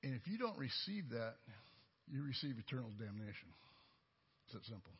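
A man's voice: medium pitch, sing-song, normal speed, dull audio. A man giving a sermon with personal testimony, telling stories in a folksy, conversational way. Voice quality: husky. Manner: folksy, storytelling, conversational preaching. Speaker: lay preacher.

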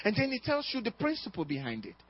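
High-voiced man preaching emphatically. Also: wildly swooping pitch, quick pace, slightly rough. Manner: emphatic preaching with repetition and call-and-response "amen?". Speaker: pastor. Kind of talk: sermon. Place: church service. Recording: dull, lo-fi dry recording.

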